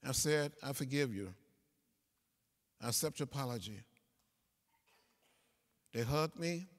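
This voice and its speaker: A man's voice: medium pitch, lively intonation, unhurried. A man in his seventies giving a speech to students in a large lecture hall, with a preacherly cadence and repeated phrases. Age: 70s. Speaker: guest speaker. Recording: reverberant hall sound.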